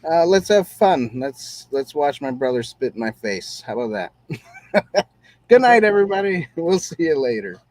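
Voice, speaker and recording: A man's voice: medium pitch, lively intonation, moderate pace, a little mellow, no room sound. A man hosting a casual show-review podcast, talking in an easygoing, rambling way with many fillers. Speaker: podcast host.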